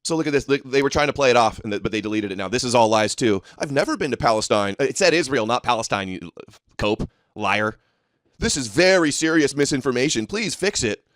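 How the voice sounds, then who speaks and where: A man's voice: mid-range voice, expressive, brisk, a bit bright, no echo, studio quality. Mocking, combative male streamer. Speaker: livestream host. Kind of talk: ranting livestream commentary.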